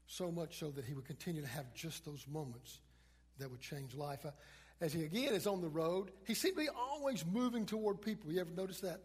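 A male pastor with a high, husky voice preaches animatedly and fairly quickly, his sermon swinging between emphatic peaks and hushed passages. The long reverb of a large hall rings around his voice.

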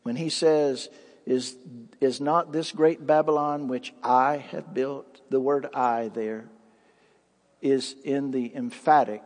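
A man's voice: medium pitch, fairly even intonation, slow, pauses often, a little mellow. A man preaching a sermon as pastor, reading scripture aloud with dramatic rises and drops. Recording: long hall reverb.

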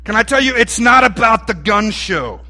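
A man delivers a sermon in a folksy, lively way, asking his listeners questions as he goes. His voice sits high for a man and sounds bright. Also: moderate pace, soft background music. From Texas. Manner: folksy and animated, asks the room questions. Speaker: preacher.

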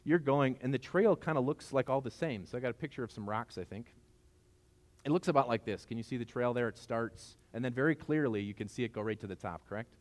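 A man's voice: mid-range voice, quick pace. A man in his forties, a pastor giving a sermon in a conversational, storytelling way, often asking the congregation questions.

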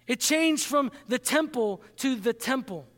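High-voiced man preaching in a hall. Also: lively intonation, fairly bright tone. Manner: earnest, emphatic preaching with slow, stressed key phrases. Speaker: pastor. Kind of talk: sermon.

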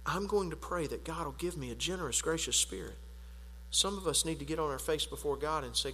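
A man preaching a sermon as pastor, earnest, rising to emphatic peaks and dropping quiet again. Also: fairly high pitch, expressive, a little fast, long reverb tail, a little hiss or hum, rough recording.

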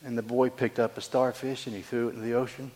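A man's voice: mid-range voice, little pitch movement, quick pace, a little mellow, big-room sound. A man preaching a sermon, telling a story earnestly and asking rhetorical questions. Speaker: pastor.

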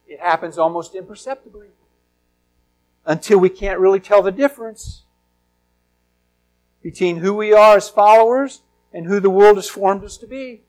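A pastor with a notably high voice delivers an emphatic sermon. He stretches key words slowly and swings between loud bursts and soft asides. He often has the congregation repeat lines back to him. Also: rough recording. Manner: drawn-out stresses, sudden loud and soft swings.

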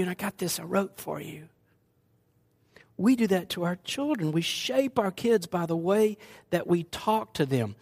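High-voiced older pastor preaching. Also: male voice. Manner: animated, joking asides with the congregation. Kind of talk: sermon.

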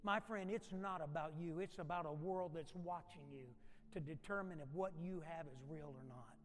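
A male pastor preaches with a fairly high voice and repeats his lines for emphasis. His words ring out through a church sanctuary with a long reverb, and at times he falls to a hushed tone. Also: normal speed. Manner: emphatic and repetitive, dropping to soft, quiet passages. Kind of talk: sermon.

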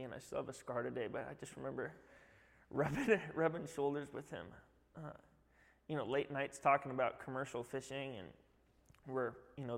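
Guy telling his testimony at church, gravelly voice, lots of uh and you know, echoey hall. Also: medium pitch. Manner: rambling, heartfelt storytelling with many fillers. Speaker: youth director.

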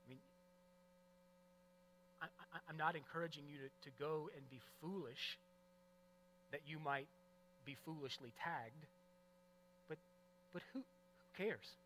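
High-voiced, bright-toned man preaching. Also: unhurried, long pauses, slight background noise, rough recording. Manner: earnest, emphatic preaching with swings from loud to hushed. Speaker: pastor. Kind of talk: sermon.

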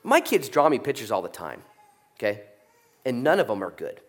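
A middle-aged man preaching a sermon, animated, jumping from loud peaks down to soft asides. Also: medium pitch, normal speed, slight background noise. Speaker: pastor. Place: church sanctuary.

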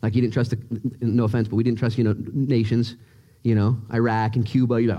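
A man preaching a sermon to a church, animated and joking, with his voice jumping high when he quotes people. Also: fairly quick. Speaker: pastor. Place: church service.

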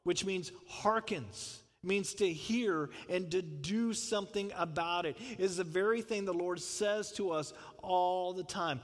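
A man's voice: high-pitched, a little slow, few pauses, long reverb tail. A man preaching a conversational sermon, full of asides and rhetorical questions. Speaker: pastor.

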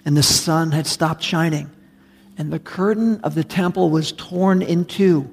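Gravelly pastor preaching in a reverberant hall. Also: male voice, a little high, measured pace. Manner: conversational, emphatic preaching with repetition. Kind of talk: sermon. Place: church sanctuary.

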